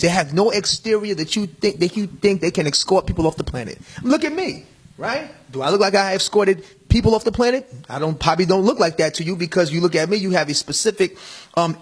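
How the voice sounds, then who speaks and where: A middle-aged man talks earnestly in a casual discussion, with a preachy tone and plenty of repeated words. His voice sits a touch high and has a husky grain. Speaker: panel guest.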